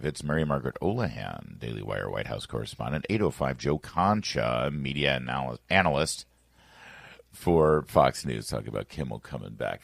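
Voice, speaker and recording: Man, radio host, very low voice, emphatic, rhetorical questions, dry close mic. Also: creaky, dry recording. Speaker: radio talk show host. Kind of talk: political talk radio. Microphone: studio microphone.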